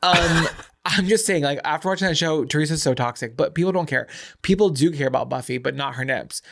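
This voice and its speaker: A man's voice: fairly high pitch, a little fast, vocal fry, fairly bright tone. A man co-hosting a casual podcast, teasing his partner in playful banter. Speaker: podcast co-host.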